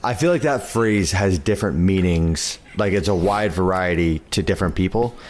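A man's voice: low-pitched, moderate pace, a little mellow, a little hiss or hum. A man around thirty in casual podcast chat, easygoing and sprinkling his talk with "like". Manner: easygoing, loose with "like" fillers. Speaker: podcast guest.

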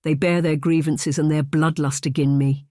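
A narrator doing a gruff Scottish laird. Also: mid-range voice, flat delivery, moderate pace, warm tone, dry recording, studio quality, natural voice. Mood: angry. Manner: gruff, bellowing, scornful. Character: drunken, bitter Scottish laird, middle-aged man.

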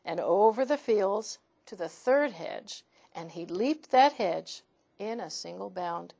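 A woman storyteller reading picture books aloud to children in an expressive voice. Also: medium pitch, slow, gravelly, muffled recording.

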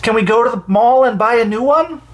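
A man's voice: on the high side, lively intonation, unhurried. A man voicing an eight-year-old girl, raising his voice into a pleading, childlike tone.

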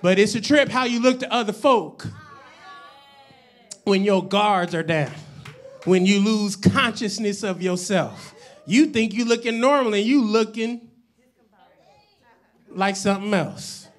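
A man delivers a sermon at a high pitch for his sex, calling out to a live congregation for responses. He swings between shouted declarations and hushed asides, breaking into chatty, joking stories. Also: measured pace, long pauses. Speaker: pastor. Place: church service with live congregation.

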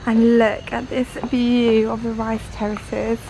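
A young woman vlogging her trip, gushing excitedly as she shows off a hotel room on a handheld camera. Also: on the high side, takes it slowly, over loud music, low-quality recording. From Ireland. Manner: excitable, gushing, breathless asides. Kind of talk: travel vlog.

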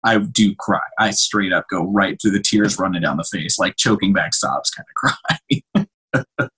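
A young man, a cinematographer, chatting casually on a podcast in an animated, emotional way with many restarts. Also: low voice, measured pace, husky. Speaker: cinematographer guest.

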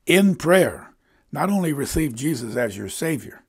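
Gravelly, husky-voiced male preacher. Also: a little high, big pitch swings, a little slow, a little mellow. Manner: earnest, emphatic preaching. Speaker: pastor. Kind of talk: sermon.

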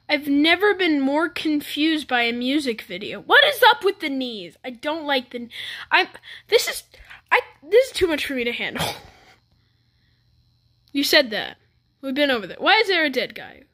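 A woman's voice: high voice, sharp tone. A woman doing a comedic reaction to a music video, talking in bewildered, exasperated running commentary with frequent stammered restarts.

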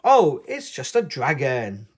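A man reading a storybook aloud and voicing a curious little girl piglet who sighs through drawn-out questions. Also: medium pitch, wildly swooping pitch, breathy edge, full character voice.

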